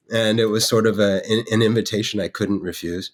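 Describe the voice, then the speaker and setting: Low-voiced man telling a rambling story. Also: fairly even intonation, moderate pace, few pauses. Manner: rambling, with many restarts and fillers. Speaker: guest artist. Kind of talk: storytelling in conversation.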